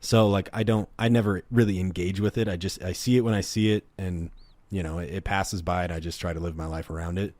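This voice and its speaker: Deep-voiced blunt man in a dry room. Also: steady tone, fairly quick, darkish tone, no echo. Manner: blunt, swears freely, argues devil's advocate. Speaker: podcast co-host. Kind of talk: casual chat.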